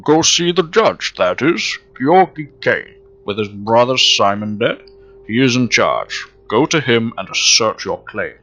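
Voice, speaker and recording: A man reading a solemn male game character's advice in a slow, measured, raised voice. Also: mid-range voice, lively intonation, pushed and bright.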